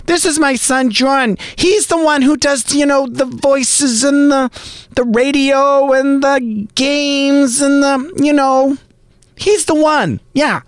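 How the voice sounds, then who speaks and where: A man's voice: very high-pitched, steady tone, slow pace, no room sound, pitched above the performer's own voice. A man putting on a gushing older mother. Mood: proud. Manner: gushing, sing-song. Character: proud older mother introducing her son.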